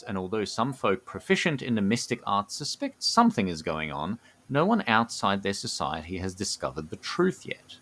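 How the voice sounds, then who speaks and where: A man co-hosting a podcast, reading his written fantasy lore aloud, who is enthusiastic and given to excited outbursts. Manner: enthusiastic, bursts into excited high exclamations. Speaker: podcast co-host.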